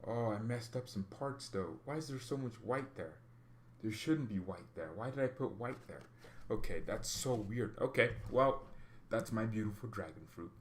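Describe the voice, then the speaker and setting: A man hosting a football livestream, chatting casually and rambling with excited exclamations, coughing now and then. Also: lowish voice, moderate pace, slight background noise. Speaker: football channel host.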